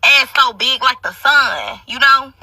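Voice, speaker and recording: A young woman spins a brash, profane storytime monologue, forever throwing asides to her listeners. Her voice is very bright and cutting. She sits a bit back from the mic in a dry, dead room. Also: high voice, animated, measured pace, no room sound, distant mic, rough recording.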